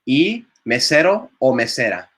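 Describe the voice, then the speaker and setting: Bright-voiced encouraging Spanish teacher man. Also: mid-range voice, sing-song, normal speed. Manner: encouraging, repeats words and praises students. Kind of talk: live online class teaching.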